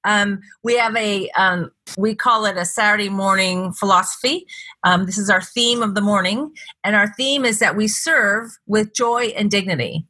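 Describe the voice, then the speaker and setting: A middle-aged woman speaker shares stories in a lively interview, often jumping up in pitch to act out what people said. Her voice is bright and forward with a husky edge. The recording is close and dry. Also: moderate pace, no room sound. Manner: animated, acts out quoted lines in a higher voice. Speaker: motivational speaker, interview guest. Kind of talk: conversational storytelling. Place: Las Vegas.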